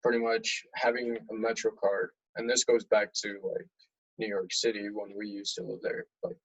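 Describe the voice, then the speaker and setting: A man's voice: lowish voice, normal speed, slightly rough, muffled recording. A young man chatting casually and jokily about old memories. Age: young adult. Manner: laid-back, jokey, animated when retelling. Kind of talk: casual reminiscing chat.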